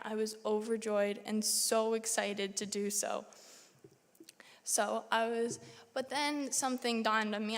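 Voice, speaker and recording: A young woman giving a personal testimony in church, telling her story in a lively way and acting out her own reactions. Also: fairly high pitch. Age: young adult. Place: church sanctuary. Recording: long church hall reverb.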